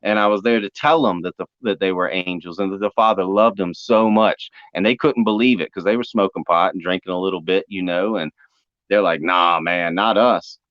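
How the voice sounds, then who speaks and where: Young guy telling his faith story, lively, jumps into voices, dry dull-sounding audio. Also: deep voice, brisk, no echo. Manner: animated, acts out quotes. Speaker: speaker giving testimony. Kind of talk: spiritual testimony storytelling.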